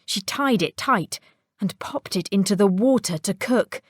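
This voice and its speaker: Slow, expressive woman reading a storybook. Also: medium pitch, dry recording, studio quality. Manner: expressive, with sound-effect words. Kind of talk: storybook read-aloud.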